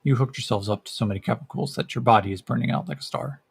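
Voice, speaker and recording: A man voicing a cold, intelligent primate scientist who speaks in a quick, clinical, condescending way. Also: medium pitch, vocal fry, breathy edge, no echo.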